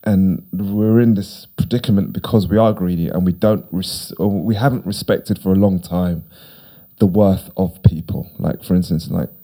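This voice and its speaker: Rambling deep-voiced man. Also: steady tone, normal speed, warm tone. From United Kingdom. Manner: rambling, repeats himself, emphatic. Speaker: podcast guest. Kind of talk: casual conversation.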